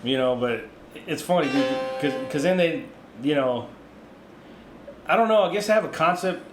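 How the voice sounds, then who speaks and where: A Mexican-born man raised in the US, co-hosting a podcast in relaxed, laughing casual chat. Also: on the high side, normal speed, music in the background. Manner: laughing, relaxed, says dude and bro. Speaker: podcast co-host. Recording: echoey room with faint noise.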